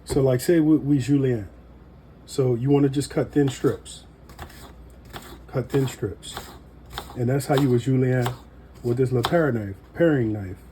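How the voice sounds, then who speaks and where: A man giving a casual cooking demonstration in a relaxed, folksy way with joking asides. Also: mid-range voice, a little hiss or hum. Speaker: home cook demonstrating knife skills.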